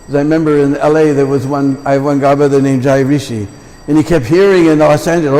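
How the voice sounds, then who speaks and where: A man's voice: fairly high pitch, steady tone, fast talker, mellow. A man giving a temple lecture full of anecdotes, with chatty asides to the listeners. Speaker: visiting lecturer. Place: large temple hall. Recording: long temple hall reverb.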